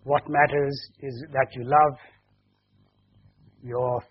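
A man, a pastor, telling a children's story during a service, slowly explaining and asking the children questions as he goes. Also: mid-range voice, flat delivery, husky. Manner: slow and explanatory. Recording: dull lo-fi recording.

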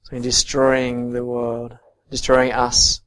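A man preaching a sermon and reading scripture, earnest, swinging from soft to emphatic. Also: medium pitch, monotone, takes it slowly.

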